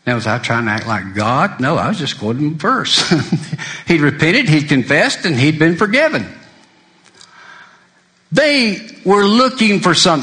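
A male preacher delivering a sermon, shifting between loud emphasis and quiet intensity and quoting scripture in old-fashioned wording. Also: fairly high pitch, very animated, unhurried.

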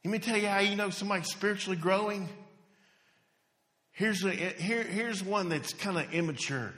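A bright, forceful male preacher, his voice carrying through a church hall that rings with long reverb. He speaks in a storytelling style, lively one moment and hushed the next, and sits a touch high for a man. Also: normal speed. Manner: storytelling, animated, drops to near-whisper at emotional points. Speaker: hospice chaplain preaching. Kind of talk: sermon.

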